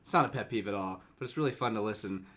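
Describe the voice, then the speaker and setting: A man's voice: fairly low pitch, very fast, fairly bright tone. A man co-hosting a casual podcast in a laid-back way, often backing others up with short agreements. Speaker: podcast co-host. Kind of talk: casual chat.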